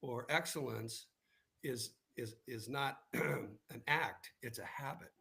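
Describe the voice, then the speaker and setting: A man speaking as a guest on a live online broadcast, unhurried and conversational as he works through his anecdotes. He often tags his points with a quick "right?" to draw the listener in, and his voice sits in an ordinary middle register. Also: mid-range voice, gravelly, sharp tone. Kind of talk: casual storytelling in conversation.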